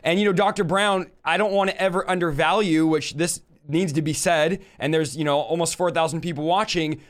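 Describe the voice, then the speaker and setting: A man's voice: a little high, steady tone, fairly quick. A young man hosting a livestream, talking with enthusiasm and speaking straight to his viewers. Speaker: host. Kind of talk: casual livestream talk.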